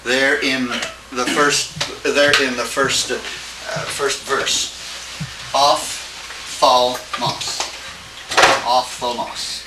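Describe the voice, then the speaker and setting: A man teaching a Greek class, lecturing haltingly and often checking with his students. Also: medium pitch, little pitch movement. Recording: echoey room, distant mic, faint hiss.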